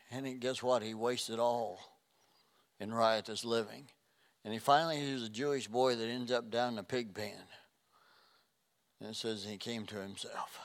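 A man's voice: medium pitch, fairly bright tone. A man preaching a sermon, earnest, often repeating phrases and stumbling over old scripture words. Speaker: pastor.

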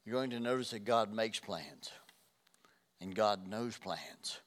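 An older man preaching a sermon, earnest, dropping to a hush and then rising loud. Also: on the low side, slow. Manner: earnest, swings from hushed to loud. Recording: reverberant hall.

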